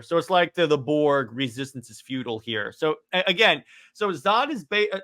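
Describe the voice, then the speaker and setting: A man's voice: on the high side, animated, normal speed, pushed and bright. A man co-hosting a casual comic book podcast, rambling with frequent restarts as he reads out panel dialogue. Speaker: podcast co-host.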